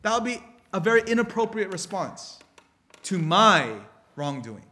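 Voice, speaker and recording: Brief: male preacher, slightly high pitch, animated sermon storytelling with frequent restarts. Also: measured pace.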